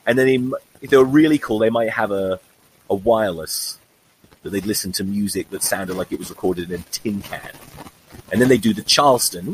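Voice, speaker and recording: A man's voice: medium pitch, slight background noise, poor audio. A man in his forties hosting a podcast, telling a rambling, wry comic monologue and swearing freely. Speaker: podcast host. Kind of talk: comedic monologue.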